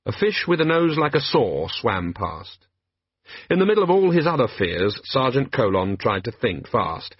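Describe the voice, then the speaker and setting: Husky male audiobook narrator. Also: mid-range voice, very animated, normal speed, no echo, muffled recording.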